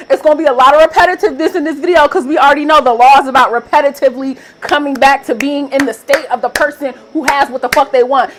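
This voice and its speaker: A young woman with a high-pitched voice delivers a motivational vlog straight to her viewers. She speaks in emphatic, repetitive affirmations. Her address is casual and direct, with frequent swearing. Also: a bit bright, rough recording. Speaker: manifestation coach.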